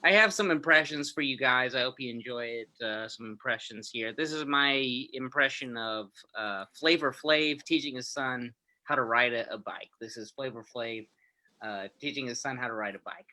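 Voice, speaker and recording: A man doing a stand-up comedy set, halting and self-amused, with many restarts. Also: medium pitch, bright, forceful tone, rough recording.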